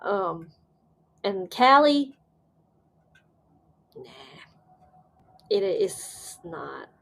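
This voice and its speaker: A woman hosting a livestream, chatting casually with viewers and reading their comments aloud, rambling and excitable with bursts of laughter. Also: mid-range voice, very slow, creaky. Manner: chatty and rambling, trailing off often. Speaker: livestream host.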